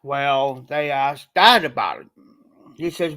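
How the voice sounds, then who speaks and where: A man's voice: mid-range voice, slow, sharp tone. A man from Ohio hosting a livestream, telling a personal story in a rambling, repetitive, colloquial way. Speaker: livestream host.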